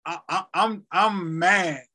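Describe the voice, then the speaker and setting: A man's voice: high voice, slow, pushed and bright. A young man casually telling a personal story, rambling and repeating himself as he acts out conversations.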